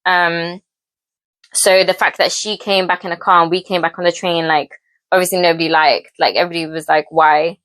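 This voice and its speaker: Young woman vlogger, casual cooking chat, giggly, lowish voice. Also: steady tone, brisk, a bit bright, no room sound. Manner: chatty, giggly, full of fillers. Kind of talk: casual storytelling while cooking. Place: home kitchen.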